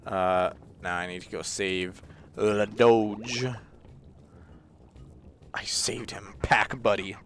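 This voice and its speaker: A young man hosting a gaming channel talks slowly and pauses often, his fairly low, fairly bright voice keeping a mostly even intonation over a slight hiss or hum. His let's-play commentary is casual, rambling and jokey, with easy frustration and plenty of fillers.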